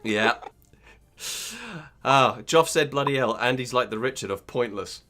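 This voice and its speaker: A man's voice: medium pitch, measured pace, sharp tone, soft background music. A British man hosting an online pub quiz, upbeat and teasing as he reads out questions and viewers' answers. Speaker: quiz host.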